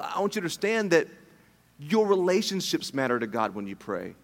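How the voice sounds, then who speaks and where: A middle-aged man preaching a sermon as pastor, animated and jokey, with many restarts. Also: fairly high pitch, brisk. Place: church hall. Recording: long hall reverb.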